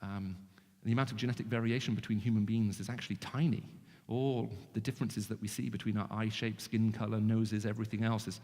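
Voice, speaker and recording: A man's voice: fairly low pitch, brisk, hardly any pauses. British-accented man speaking in a reverberant hall. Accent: British English. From Middle East. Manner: animated, jokey, frequent restarts. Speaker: guest speaker. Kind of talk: evangelistic talk to students.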